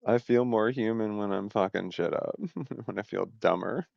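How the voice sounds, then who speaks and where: A man's voice: fairly low pitch, normal speed, vocal fry, dry recording, muffled recording. A man hosting a casual livestream from home, rambling, swearing and interrupting himself, laughing often. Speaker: livestream host. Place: home, indoors.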